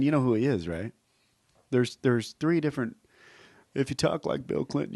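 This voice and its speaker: A man's voice: mid-range voice, expressive, normal speed, a little mellow, no room sound, clean studio sound. A man, a comedian guest on a podcast, chatting casually and joking, slipping into impressions. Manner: joking, playful, slips into impressions.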